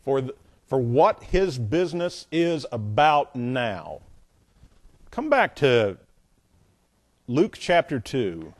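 A man's voice: medium pitch, slow pace, pauses often. Chatty male Bible teacher, joking asides. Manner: relaxed, conversational, joking asides. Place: room with a board.

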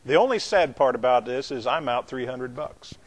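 A man's voice: medium pitch, lively intonation, normal speed, slightly rough. A pastor, a man, teaching a Bible class in a loose, conversational way, with restarts and asides to his students. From not from the American South.

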